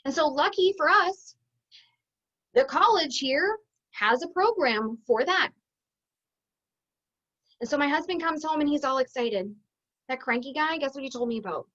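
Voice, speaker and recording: A woman with a high voice tells a personal story to her viewers, chatty and expressive. The recording sounds a little dull and lo-fi. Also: unhurried, pauses often. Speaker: business coach.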